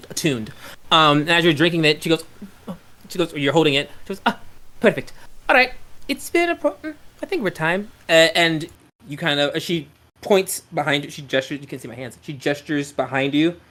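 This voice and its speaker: A man's voice: on the high side, steady tone, brisk, bright, forceful tone. A man running a tabletop game as game master, narrating in a rambling way with lots of fillers.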